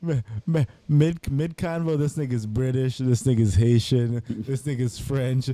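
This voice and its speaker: A man's voice: medium pitch, fairly even intonation, a little slow, warm tone, no room sound. A young man in casual podcast chat, telling a laid-back story. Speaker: podcast co-host.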